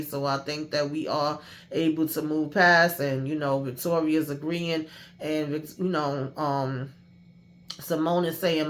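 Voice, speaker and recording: Woman, TV recap host, casual, slangy, animated, acts out characters. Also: sits low, unhurried, slight background noise.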